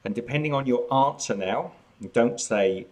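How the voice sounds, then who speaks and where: A man's voice: medium pitch, normal speed, a little mellow. Chatty Australian man hosting a live chat. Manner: chatty, outgoing, talks while snacking. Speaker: cooking channel host.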